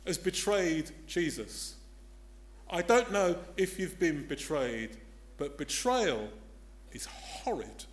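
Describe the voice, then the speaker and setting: An older man preaching a sermon, emphatic and dramatic, swinging between loud declarations and hushed tones. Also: a little high.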